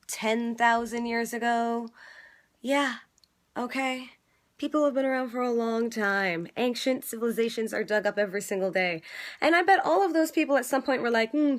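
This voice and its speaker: A woman comedian talking in a casual vlog from her bedroom, chatty and swearing freely, building up to passionate emphasis. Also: a little high. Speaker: comedian vlogger. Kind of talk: casual bedtime vlog monologue.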